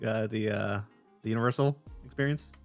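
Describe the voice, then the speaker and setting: A man's voice: fairly low pitch, brisk. Easygoing Californian man, podcast co-host who keeps the topic on track, faint music under. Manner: laughs often, steers the topic. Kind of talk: casual chat.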